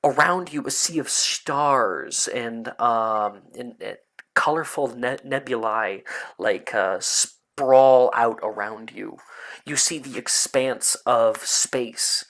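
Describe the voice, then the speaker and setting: A man narrating a tabletop game as game master, slowly and with many hesitations. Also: mid-range voice, fairly bright tone.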